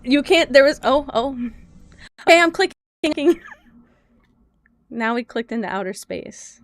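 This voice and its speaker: A woman's voice: on the high side, expressive, measured pace, dry recording. A woman game streamer chatting casually with viewers, exasperated, swearing and laughing at her own troubles. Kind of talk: casual live-stream chat.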